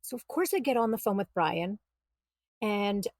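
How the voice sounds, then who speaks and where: A woman, a podcast guest, telling her story in a casual, animated way and acting out what was said. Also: mid-range voice, normal speed, dry recording. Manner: animated, quotes herself and others, exasperated retelling.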